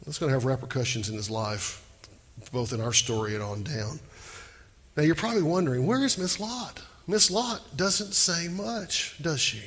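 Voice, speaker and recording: A male pastor preaching a sermon, animated and emphatic, asking the crowd questions. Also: a little high, moderate pace, slightly rough, big-room sound.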